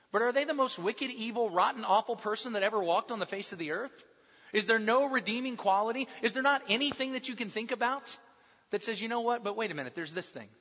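A man delivers a sermon from the pulpit in a high, bright voice. He presses hard on his main points and falls soft and slow when he quotes. The sound is dull and muffled, with a long echo around a large hall. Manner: emphatic, drops soft and slow for quoted lines. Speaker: pastor.

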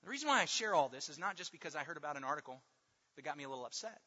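A man preaching a sermon, emphatic and repetitive, drawing out key words slowly for stress. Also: on the high side, lively intonation, bright, forceful tone. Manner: emphatic, with rhetorical repetition and slow drawn-out stresses. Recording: long hall reverb, dull lo-fi sound.

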